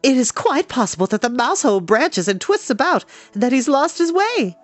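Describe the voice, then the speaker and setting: A storyteller voicing an anxious, tearful mother who speaks in a high, fretful, shrill voice. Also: sing-song, normal speed, dry recording, soft background music.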